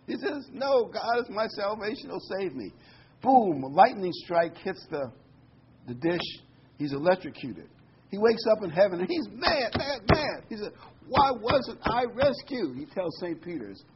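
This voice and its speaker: A man's voice: on the high side, lo-fi sound, slight background noise. A middle-aged male pastor preaching a folksy, conversational sermon with asides and corny jokes.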